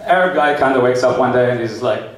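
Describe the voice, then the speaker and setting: A man performing a stand-up comedy set, animated and slipping into exaggerated character voices for his jokes. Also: medium pitch, fast. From New Zealand. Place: comedy club stage with a laughing audience. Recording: echoey club recording from far off.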